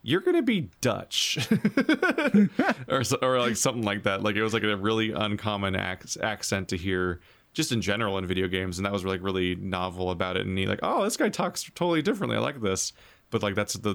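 A man's voice: deep voice, a bit bright. A man in casual podcast chat, musing thoughtfully with hesitations and frequent giggles.

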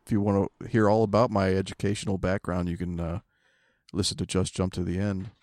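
Co-host, man, slightly low voice, teasing sidekick, dry booth sound. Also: little pitch movement, brisk, a little mellow, dry recording. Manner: teasing, dry jokey asides. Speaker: podcast co-host. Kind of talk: casual chat.

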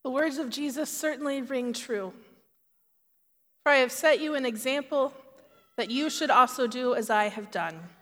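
A woman preaching a sermon in a measured, earnest way. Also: sits high, fairly bright tone, big-room sound.

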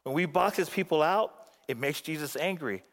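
A guest pastor from the Phoenix area preaches a sermon at normal speed, swinging between emphatic outbursts and hushed, low passages. The recording carries a long hall reverb.

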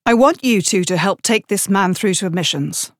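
A woman voicing a brisk, commanding male army doctor in an audiobook, giving orders in an authoritative way. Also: mid-range voice, lively intonation, dry recording, studio quality, natural voice.

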